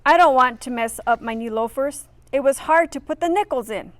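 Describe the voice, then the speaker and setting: A woman's voice: high-pitched, a little fast, natural voice. A woman doing an earnest nine-year-old boy. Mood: pleading. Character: shy nine-year-old boy, proud of his shoes.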